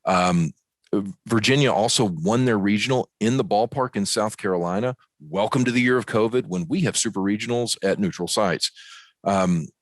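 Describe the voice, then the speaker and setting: A deep-voiced man from Arkansas chats about baseball as a podcast co-host. He is folksy and animated and fills his talk with ums and asides. The sound is dry and close. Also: moderate pace, no room sound. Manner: folksy, animated, joking analysis with many fillers. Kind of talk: casual sports talk. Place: ballpark.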